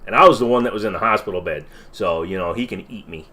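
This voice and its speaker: A man's voice: low voice, fast talker, few pauses, sharp tone. A man hosting a casual livestream Q&A, rambling and swearing as he reacts to viewer comments. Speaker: livestream host.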